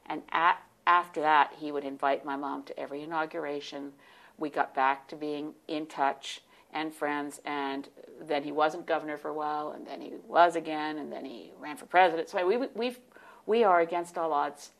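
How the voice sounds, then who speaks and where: A woman in her sixties telling stories as a guest in an interview, animated and warm, with laughs. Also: deep voice, normal speed, gravelly. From United States. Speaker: guest, party leader. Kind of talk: storytelling in interview.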